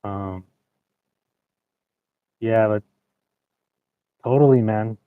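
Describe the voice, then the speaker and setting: A man, a podcast guest, chatting in a relaxed, agreeable way over a remote call. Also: lowish voice, very slow, smooth, no room sound. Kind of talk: casual chat. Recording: dry tinny phone-like call line.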